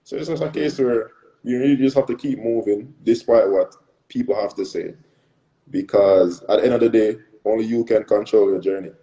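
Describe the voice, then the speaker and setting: Lowish-voiced young Jamaican man. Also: moderate pace, warm tone, highs cut off. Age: young adult. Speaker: guest athlete. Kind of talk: casual interview answers.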